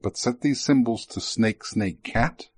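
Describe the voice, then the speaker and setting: An excitable lizardfolk inventor talks through his gadgets in a fussy, lifted voice with a husky edge, as a man reading an audiobook puts him on. He sounds pleased with himself and a little over-eager. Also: medium pitch, unhurried. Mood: explaining. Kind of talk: audiobook character voice.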